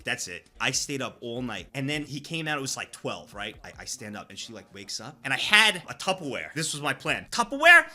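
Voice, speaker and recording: Bright, lively New streamer guy. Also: mid-range voice. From New York. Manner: animated, profane storyteller, reacts loudly to chat. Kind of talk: casual live-stream chat.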